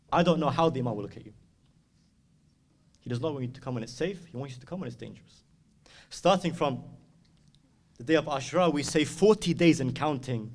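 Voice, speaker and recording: Impassioned male preacher, slightly high voice. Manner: urgent, pleading storyteller who turns to loud chanting. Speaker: reciter at a mourning gathering. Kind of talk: impassioned sermon and chanted elegy. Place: community centre hall.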